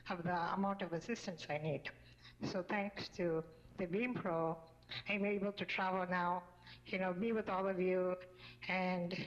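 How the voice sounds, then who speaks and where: A woman doctoral researcher giving a measured talk in short phrases on a panel, heard through a telepresence robot. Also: lowish voice, dull audio. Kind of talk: prepared talk.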